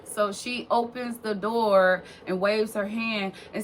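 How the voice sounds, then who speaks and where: A woman's voice: mid-range voice, steady tone, slow, few pauses, a little hiss or hum. A young woman vlogger telling a long personal story in a casual, rambling way, full of fillers and swearing.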